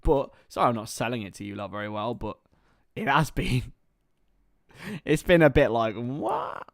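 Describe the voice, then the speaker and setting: Hosting a live football watchalong, a young man moves between play-by-play calls and chatty, meandering tangents, growing excited at scoring chances. He speaks at a moderate pace in a gravelly, medium-pitched voice.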